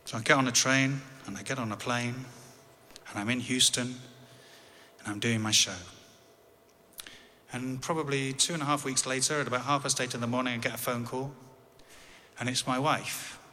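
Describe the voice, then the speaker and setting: A man's voice: mid-range voice, steady tone, normal speed, pauses often, pushed and bright, in a large hall. Englishman telling a wry personal story. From England. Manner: wry, conversational, dry humor.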